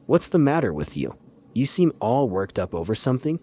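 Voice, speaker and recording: A man's voice: medium pitch, big pitch swings, brisk, dark tone, pitched above the performer's own voice. A man reading an eager, earnest young man in an audiobook. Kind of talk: audiobook character voice.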